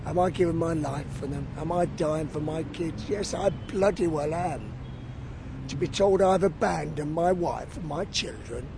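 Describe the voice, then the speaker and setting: A man's voice: a little high, moderate pace, vocal fry, noisy background. A man, a peace campaigner, giving angry, profane interview answers and asking many rhetorical questions.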